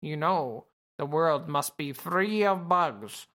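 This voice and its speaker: A woman voicing a cold, smug male killer who speaks calmly and dismissively. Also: low voice, slow pace, heavily acted.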